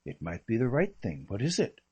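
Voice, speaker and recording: A man reading a gentleman cousin who asks short, probing questions. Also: mid-range voice, wildly swooping pitch, fairly quick, breathy edge, heavily acted. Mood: questioning.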